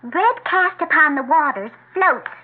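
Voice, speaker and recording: Chastity, a wisecracking frontier sweetheart. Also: female voice, high voice, animated. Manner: wisecracking, quick, skeptical. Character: sharp-tongued frontier sweetheart, skeptical. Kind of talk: 1940s radio acting. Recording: tinny old radio broadcast.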